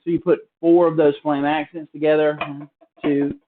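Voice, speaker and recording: A man teaches drums in a casual, unhurried way, stopping and restarting as he explains. His voice sits a touch higher than most men's. The sound is narrow and phone-like, with faint practice-pad playing behind him. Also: over music. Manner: relaxed, explanatory, with many fillers and restarts. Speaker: drum teacher. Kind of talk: casual spoken drum lesson. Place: hotel room. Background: drum practice pad.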